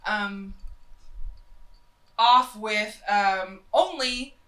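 A woman's voice: mid-range voice, extremely slow, pushed and bright, reverberant, low-quality recording. A young woman from North Carolina co-hosting a casual talk show, rambling and chatty with lots of fillers, her voice nasal from a cold. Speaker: podcast co-host. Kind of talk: casual opinionated chat.

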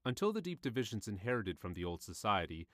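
Low-voiced male audiobook reader, unhurried and deliberate, dry close sound. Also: big pitch swings, fairly bright tone, dry recording. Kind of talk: read-aloud nonfiction narration.

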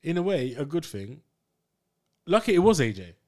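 A man's voice: fairly high pitch, big pitch swings, moderate pace. A man co-hosting a podcast, laid-back and playful, bantering in slang. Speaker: podcast co-host. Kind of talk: casual chat.

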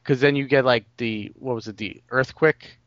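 A man's voice: mid-range voice, fairly even intonation, moderate pace, fairly bright tone, dry recording, highs cut off. Rambling man on a movie podcast. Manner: rambling, heavy on "like" and "you know". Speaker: podcast co-host. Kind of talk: casual movie discussion.

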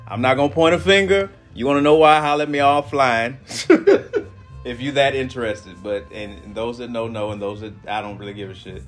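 A man's voice: medium pitch, brisk, faint music behind. A man hosting a podcast, telling a story in casual chat, swearing freely and bringing the people in it to life. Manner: animated storyteller, swears a lot, does friends' voices in quotes. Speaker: podcast host.

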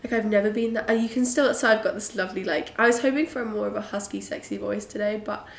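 A young British woman hosting a casual solo podcast, bubbly and chatty with frequent giggles, her voice a little croaky and husky. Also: mid-range voice, fairly even intonation, fast. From Britain. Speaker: podcast host. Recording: roomy echo.

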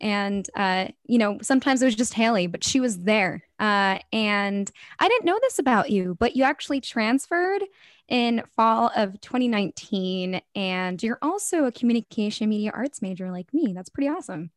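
A woman's voice: mid-range voice, expressive, normal speed, dry recording, studio quality. A young woman hosting a college radio show, giggly and self-deprecating in casual chat. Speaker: radio host and station manager.

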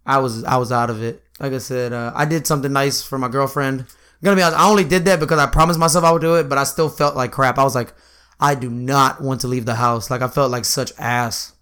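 A young man chatting casually, telling animated stories with lots of laughing and swearing. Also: mid-range voice, fast talker, smooth. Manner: animated storyteller, laughs often, swears freely. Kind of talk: casual chat.

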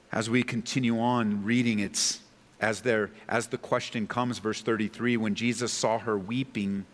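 A man's voice: on the low side, long reverb tail. A man preaching a sermon as a pastor, earnest and pleading, building to impassioned peaks.

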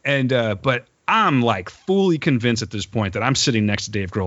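A man telling a story in casual podcast chat. He is animated, swears, and laughs as he talks. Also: mid-range voice, normal speed, no room sound. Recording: dull, lo-fi recording.

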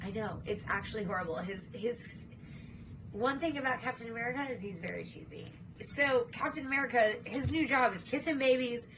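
A woman's voice: fairly high pitch, expressive, a little fast, noisy background. A young woman co-hosting a podcast, chatting casually and animatedly, swearing freely and acting out movie scenes. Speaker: podcast co-host. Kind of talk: casual chat.

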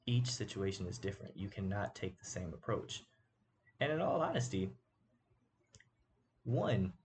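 A man's voice: fairly low pitch, a little mellow, slight background noise. A man hosting a casual sports commentary show, talking emphatically and tossing rhetorical asides to his audience.

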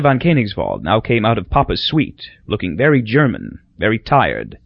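A man reading a novel aloud as audiobook narrator, expressive and storytelling. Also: on the low side, moderate pace, gravelly, few pauses, dry recording. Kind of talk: scripted narration. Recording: dull dry lo-fi recording.

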